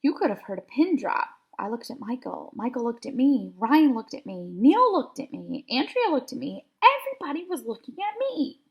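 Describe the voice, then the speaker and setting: A woman teacher reads a children's chapter book aloud with lively, expressive narration. Her voice is high and carries a gravelly vocal fry, and she leans into every twist of the story. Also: moderate pace, few pauses, dull audio.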